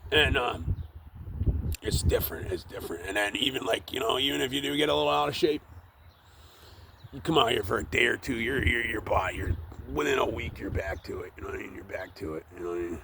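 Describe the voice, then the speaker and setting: A tree worker talks fast to the camera while up in a tree outdoors, his medium-pitched voice sharp in tone and marked by vocal fry. He rambles, swears, and uses many fillers in this casual monologue, with slight background noise.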